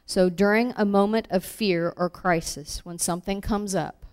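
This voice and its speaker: A woman teaching a Bible lesson, reading verses aloud and acting out the quoted lines with animated emphasis. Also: medium pitch, moderate pace, clean tone. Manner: animated, acts out scripture quotes.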